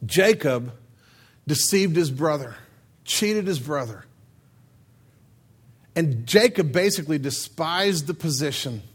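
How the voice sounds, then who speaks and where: A man with a notably high voice preaches a comic sermon. He tells the story in a joking, animated, conversational way, talking to his listeners directly. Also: husky. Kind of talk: humorous sermon.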